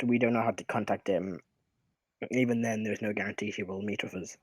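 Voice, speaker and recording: A low, husky male voice runs a tabletop game, answering questions in character. He talks in halting, hesitant bursts. The sound is close and dry. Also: fairly even intonation, dry recording, rough recording. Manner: halting, plays NPCs in his own voice. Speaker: dungeon master.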